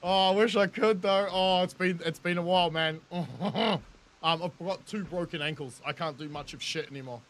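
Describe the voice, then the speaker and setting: A man's voice: sits high, normal speed, a bit bright, a little hiss or hum. A man in his thirties with a New Zealand accent, chatting with viewers in casual, jokey gameplay commentary, laughing often and swearing freely. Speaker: game streamer.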